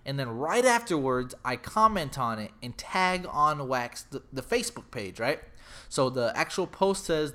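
A man's voice: mid-range voice, moderate pace. A man hosting a podcast, telling a story in casual chat with lots of swearing. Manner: animated, profane storytelling, acts out quoted lines. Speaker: podcast host.

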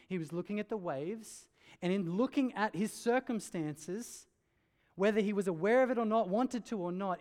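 A man preaching a sermon, earnest and emphatic, dropping low and quiet on key lines. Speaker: pastor. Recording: hall reverb.

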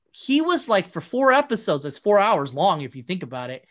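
A man's voice: sits high, big pitch swings, brisk, hardly any pauses, a bit bright. A man in casual podcast chat, rambling through stories and acting out the people he quotes, swearing freely.

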